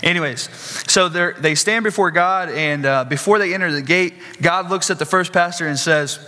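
Bright-voiced preacher in a reverberant hall. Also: male voice, high voice, normal speed. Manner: conversational preaching with asides and questions to the congregation. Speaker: pastor. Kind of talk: sermon.

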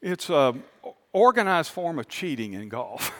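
A male pastor, preaching a sermon. He tells a story calmly, then builds to fervent appeals to the congregation. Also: a little high, measured pace, long reverb tail. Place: large church auditorium.

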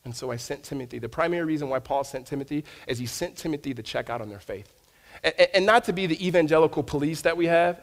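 Animated man preaching a sermon. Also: a little high, fast. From United States. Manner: animated storytelling with frequent stammered restarts. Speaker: pastor. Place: church sanctuary.

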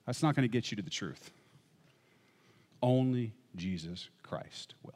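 Male preacher, emphatic sermon delivery with a swinging, animated pitch, recorded with long hall reverb. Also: measured pace. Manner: emphatic, asks rhetorical questions.

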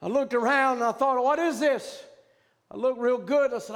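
A man's voice: extremely high pitch, moderate pace, big-room sound. A man preaching a sermon with fervent emphasis and plain vernacular grammar as he recounts a vision.

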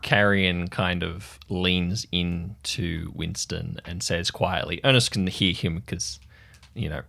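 A man narrating a tabletop game as game master, in slow, descriptive narration. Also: low-pitched, steady tone, vocal fry, sharp tone.

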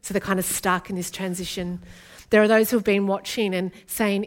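A woman's voice: mid-range voice, level tone, a little fast. A woman, from Australia, preaching an earnest and intimate sermon as a guest speaker.

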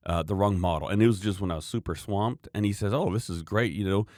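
A man's voice: low-pitched, quick pace, a little mellow, no room sound, clean studio sound. A man in casual podcast chat, telling rambling anecdotes about his customers and acting out what they said. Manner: rambling storyteller, acts out quoted customers. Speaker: podcast co-host, knife maker.

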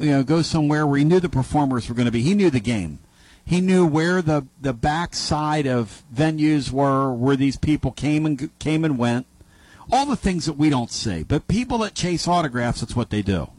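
A male sports talk radio host spins a loose, rambling story full of asides and corrections. His voice sits a bit higher than most men's, and it is recorded dry and close on a studio mic. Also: a little mellow, no room sound, poor audio. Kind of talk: casual storytelling monologue.

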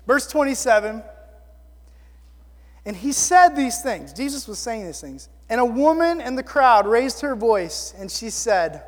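A man preaching a sermon in an animated, excitable way, full of casual fillers. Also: very high-pitched, a little slow. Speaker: pastor. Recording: long reverb of a hall.

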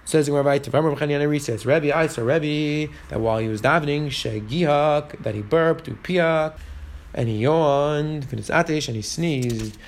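A man's voice: on the high side, moderate pace. A man teaching a Talmud class, translating phrase by phrase as he goes. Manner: translating each phrase and mixing in Hebrew and Aramaic terms.

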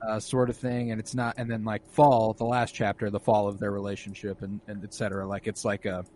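A man's voice: fairly low pitch, monotone, brisk, a little mellow, a little hiss or hum. A young man in casual conversation about a movie, laid-back and given to swearing, now and then acting out the characters' lines. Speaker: co-host discussing a film. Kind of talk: casual chat.

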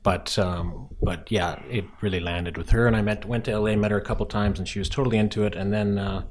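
A man with a very low voice talks casually in a podcast interview. He is a film director with a wry, self-deprecating way of telling stories, dropping dry jokes as he goes. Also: steady tone, fast, slight background noise.

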